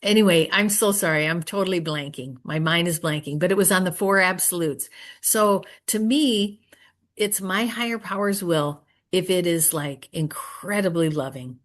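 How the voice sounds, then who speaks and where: A woman speaking at a recovery meeting, earnest and prayerful, often trailing off softly and pausing to search for words. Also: lowish voice. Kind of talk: personal share and Q&A answer.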